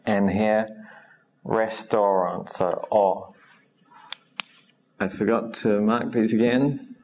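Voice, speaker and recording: A man teaching English pronunciation in a recorded lesson, saying each sound slowly and patiently. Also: lowish voice, fairly even intonation, a little mellow.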